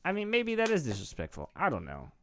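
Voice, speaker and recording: A man co-hosting a podcast, chatting casually, joking, laughing often and quickly taking back his teasing. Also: fairly high pitch, huge pitch swings. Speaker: podcast co-host.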